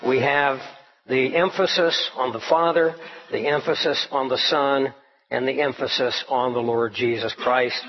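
A man preaching an expository Bible sermon in a steady teaching voice, clearing his throat now and then. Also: mid-range voice, a little hiss or hum. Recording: dull lo-fi recording.

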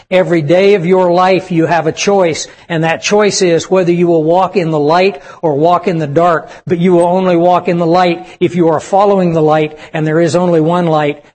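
A man's voice: fairly high pitch, darkish tone. A man preaching a sermon to young people, emphatic and asking the audience questions. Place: church service with audience.

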